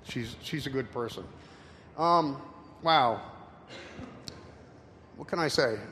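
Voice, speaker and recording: A man in his sixties giving a casual slide talk with anecdotes to an audience, rambling and halting with many fillers. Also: medium pitch, sharp tone. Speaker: presenter. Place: room with an audience. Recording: reverberant hall, faint noise.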